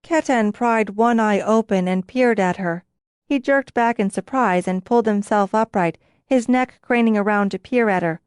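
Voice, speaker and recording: A woman narrating a fantasy audiobook in a measured storytelling voice. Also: mid-range voice, darkish tone, clear, resonant tone, no room sound, studio quality.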